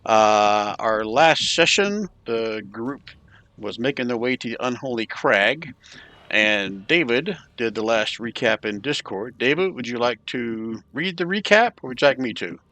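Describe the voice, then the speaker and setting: Over voice chat, a man serving as game master casually kicks off a tabletop session and reads a recap out loud, sprinkling in filler "uhs." His mid-range voice is relaxed and measured in pace, and the recording is dry.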